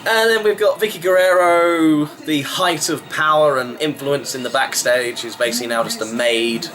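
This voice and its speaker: Bright-voiced man with wry commentary. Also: on the high side, steady tone, normal speed, low-quality recording. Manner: chatty, wry running commentary; rambling with frequent fillers. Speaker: wrestling show reviewer. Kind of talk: casual vlog review.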